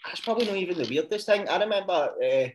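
A man with a North Ayrshire Scottish accent, hosting a podcast and telling stories with lively, sweary energy. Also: sits high, rapid-fire. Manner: animated storyteller, swears and mimics people. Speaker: podcast host. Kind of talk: casual chat.

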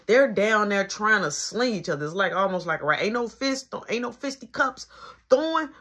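A young woman spins a casual story for her channel in a slightly husky voice. She talks loose and slangy and acts out everyone's dialogue with plenty of flair. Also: medium pitch, animated, moderate pace, a bit bright.

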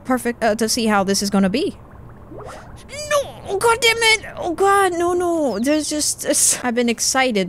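A young woman playing a video game and commenting casually, chatty and playful, often talking to the character on screen. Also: mid-range voice. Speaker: gaming let's-play host.

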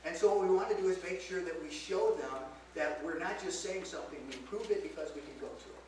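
A man's voice: fairly high pitch, fast, a little mellow. A man preaching a teaching sermon to a congregation, asking them rhetorical questions as he explains scripture. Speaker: pastor teaching a Bible lesson. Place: church sanctuary. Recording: very echoey church, mic far off, faint hiss.

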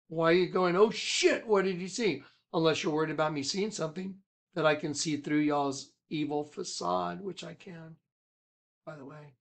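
A man who leads a ministry, telling a rambling personal story with emphatic swings from loud to hushed. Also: on the high side. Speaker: ministry leader.

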